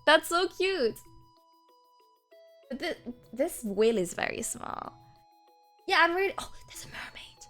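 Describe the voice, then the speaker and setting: Woman streamer, casual chat with viewers, high bouncy voice, soft music playing underneath. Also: takes it slowly, pauses often. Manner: animated, laughs often, rambling restarts.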